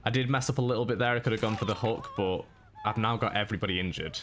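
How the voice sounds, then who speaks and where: A man giving a monotone, matter-of-fact voice-over commentary on his own gameplay. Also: on the low side, fast, soft background music. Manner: monotone delivery. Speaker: gaming YouTuber.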